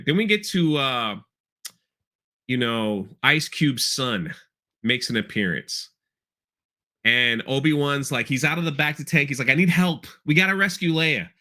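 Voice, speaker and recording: This mid-range male voice comes across pushed and bright. The man hosts a relaxed podcast, wandering through a recap of an episode with offhand tangents and playful impressions of the characters.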